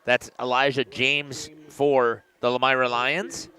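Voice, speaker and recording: A man doing play-by-play commentary for a local high school football game, getting louder and higher on big plays. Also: slow, smooth. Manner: excited rising calls on big plays. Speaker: play-by-play announcer.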